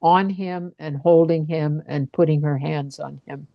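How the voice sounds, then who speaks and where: A woman in a casual video-call chat, speaking in a measured, thoughtful way. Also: sits low, steady tone, creaky, no room sound, dull audio.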